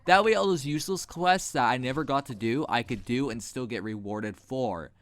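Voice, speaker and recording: A man's voice: mid-range voice, moderate pace, no echo. A man giving blunt, rambling, sarcastic commentary while playing a game at his computer mic. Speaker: gaming video host. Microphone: desk mic while gaming.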